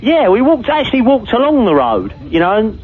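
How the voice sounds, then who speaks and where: Earnest, musing caller, high and lively. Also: male voice, fairly quick, breathy edge. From Hertfordshire. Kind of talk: phone-in chat. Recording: tinny phone line.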